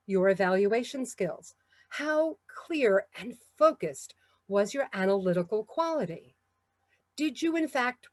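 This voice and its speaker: A woman with a New York accent giving a measured, encouraging talk on public speaking. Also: mid-range voice, no room sound. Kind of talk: instructional talk.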